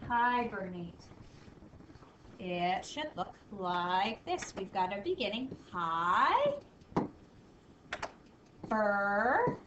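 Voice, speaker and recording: Woman, teacher, spelling lesson for kids, upbeat, slow sounding-out, echoey room, faint hiss. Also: mid-range voice, pushed and bright, distant mic. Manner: upbeat, sounds words out slowly.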